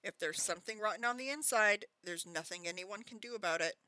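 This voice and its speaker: A woman doing a booming bullying British aunt. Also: a little fast, pushed and bright, clear, resonant tone, no room sound, close to an everyday voice, poor audio. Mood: scornful. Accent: put-on British. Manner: booming, barking. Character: blustering bullying middle-aged English aunt.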